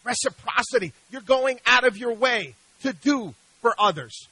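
A radio host holds forth alone at the mic, pressing his points with rhetorical questions and repeated slogans. His voice sits high and bright. The studio sound is close and dry. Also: animated, moderate pace, breathy edge, no room sound, low-quality recording. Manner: emphatic, preachy, rhetorical questions. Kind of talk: opinionated radio monologue.

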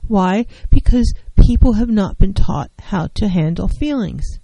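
A middle-aged licensed professional counselor gives an earnest, emphatic educational talk on mental health and handling feelings, repeating key phrases to drive them home. Her medium-pitched voice is expressive and dark in tone, with a measured pace. The recording is dry and the audio quality poor.

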